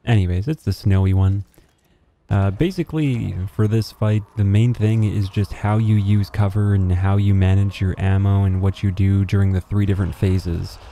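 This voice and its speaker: A young man giving a relaxed, rambling voice-over guide to a boss fight, full of fillers and restarts. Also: low voice, moderate pace, a little hiss or hum. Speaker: gaming video host. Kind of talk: casual gameplay guide voice-over.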